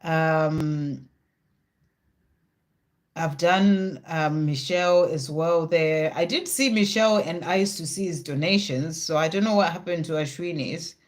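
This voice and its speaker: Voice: mid-range voice, measured pace. A tarot reader hosting a live question session, talking straight to viewers in a reassuring way with many "you know" fillers and thinking aloud between cards. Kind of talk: live card reading with viewers.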